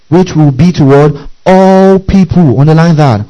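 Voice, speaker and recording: Speaking a little slowly with few pauses, a man with a fairly high, warm voice teaches a sermon verse by verse. He spells out Greek terms and keeps checking that his listeners are following along, while the recording has its highs cut off.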